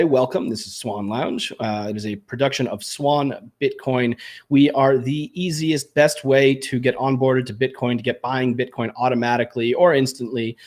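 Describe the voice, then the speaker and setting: A man's voice: medium pitch, darkish tone. A man hosting a podcast, upbeat and jokey, poking fun at himself. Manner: upbeat, jokey, self-deprecating. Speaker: podcast host. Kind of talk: enthusiastic show intro and casual chat.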